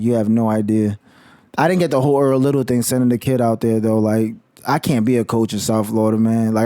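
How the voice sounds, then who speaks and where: A man's voice: mid-range voice, warm tone, dry recording. A man vlogging about college football in a heated, slangy rant full of swearing. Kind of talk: casual profane rant.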